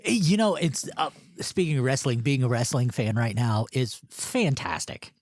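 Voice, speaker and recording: A man hosts a podcast in casual chat and rambles playfully with his friends. His voice is mid-pitched. It is recorded dry and close on a studio mic. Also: big pitch swings, moderate pace, no echo. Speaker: podcast host.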